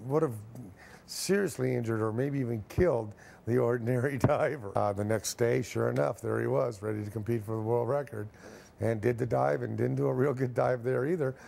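A middle-aged man, a former professional high diver, telling an anecdote in an interview and acting out the dialogue. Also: vocal fry. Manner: lively storyteller who acts out the dialogue.

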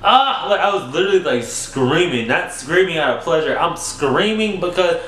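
A young man telling a storytime vlog story in a casual, animated way, swinging up high for emphasis and talking straight to his viewers. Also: normal speed. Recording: echoey room.

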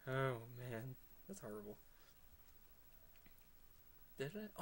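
A man giving excitable let's play commentary, laughing often and slipping into whispered asides. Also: medium pitch, a little slow, creaky, slight background noise. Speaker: gamer.

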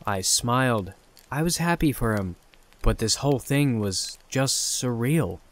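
A man narrating a scripted horror story in a calm, measured way. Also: mid-range voice.

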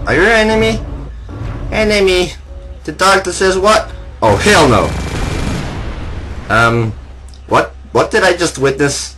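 Young male gamer, lively swinging pitch, hyped and loud, with game noise behind him. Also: a little slow, long pauses. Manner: excitable, yelling and laughing at the game. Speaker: gameplay commentator. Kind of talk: casual gameplay commentary. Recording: noisy game sounds behind. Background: game vehicle and battle noise.

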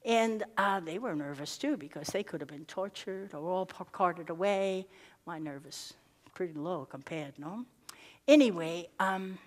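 An older woman giving a conference talk, telling lively personal stories with asides and tag questions, laughing at herself now and then. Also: fairly low pitch, unhurried. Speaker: guest speaker. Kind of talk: storytelling keynote speech. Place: conference hall. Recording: long hall reverb.

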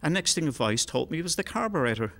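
A man's voice: a little high, big pitch swings, quick pace, vocal fry, a bit bright, pitched above the performer's own voice, exaggerated voice. A man voicing a shaken traveller in a told joke, stammering anxiously in a slightly raised voice.

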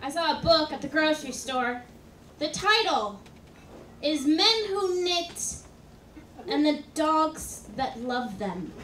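A woman performing a stand-up comedy set on a club stage, delivering jokes deadpan with sudden loud outbursts. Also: high-pitched, a little slow. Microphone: stage microphone. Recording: roomy club sound from a distance, audience and faint noise. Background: audience laughter.

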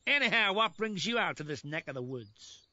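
A man's voice: high voice, very animated, moderate pace, sharp tone, no room sound, dull audio, full character voice. A man voicing a boastful, drawling old-west marshal in a cartoon, full of folksy cowboy slang. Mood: blustering. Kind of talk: cartoon voice acting.

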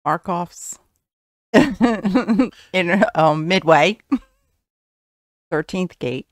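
A woman's voice: on the low side, expressive, very slow, no room sound, clean studio sound. A woman co-hosting a casual podcast at home, giggling often and answering in short bursts. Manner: giggly, brief replies. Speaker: podcast co-host. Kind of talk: casual chat. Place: home studio.

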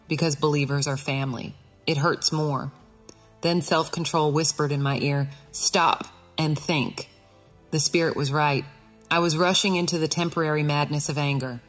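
Low-voiced woman reading an audiobook. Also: moderate pace, soft background music. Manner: earnest, expressive first-person reading. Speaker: audiobook narrator. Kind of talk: scripted narration of a Christian allegory.

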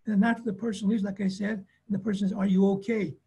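A man's voice: high voice, level tone, fast talker, darkish tone, slightly rough. A man who works as a therapist, giving a webinar talk on family conflict in plainspoken, emphatic phrases and short stories. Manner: emphatic, repetitive phrasing with acted-out quotes; plainspoken storytelling.

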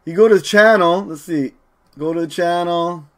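A man's voice: high-pitched, normal speed. A young man streaming a video game, chatting casually to his viewers and saying "dude" and "man" all the time. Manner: laid-back, talks to chat, says "dude" and "man" constantly.

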